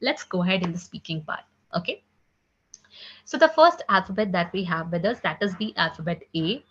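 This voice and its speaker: A woman teaching an online French class, chatty with many "you know, like" fillers, drilling each sound slowly and repeating it. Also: fairly low pitch, animated, fairly bright tone, breathy edge. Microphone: computer mic on a video call. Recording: slightly dull lo-fi call audio.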